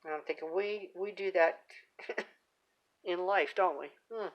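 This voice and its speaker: A woman's voice: on the low side, measured pace, dull audio. Chatty woman showing off a craft journal. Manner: chatty, rambling with fillers and restarts. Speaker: craft channel host. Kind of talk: casual show-and-tell.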